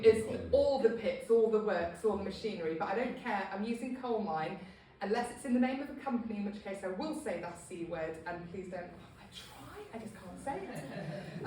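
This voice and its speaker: A woman's voice: medium pitch, far from the mic, a little hiss or hum. Chatty woman giving a talk in an echoey room. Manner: chatty, self-deprecating, lots of ums. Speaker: local history speaker. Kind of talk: casual public talk to a small group. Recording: echoey room, speaker off-mic.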